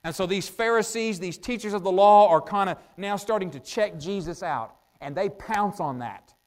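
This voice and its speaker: A man preaching a sermon in a conversational way, asking his listeners rhetorical questions and pausing often with "uh" as he thinks out loud. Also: high voice. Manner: thinks out loud with frequent "uh" pauses.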